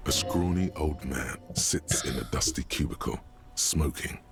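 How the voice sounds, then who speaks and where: A man's voice: unhurried, creaky, music in the background, full character voice. An actor voicing a grim male inner-voice narrator for a game, grave and blunt. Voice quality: very deep, grave. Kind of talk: scripted game voice acting.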